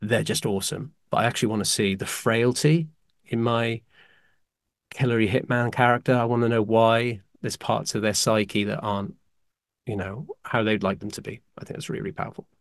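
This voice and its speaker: Animated man with a gravelly voice. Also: on the low side, brisk, no room sound, clean studio sound. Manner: animated, excitable, apologetic asides. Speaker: podcast co-host. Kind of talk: casual chat, ranking films.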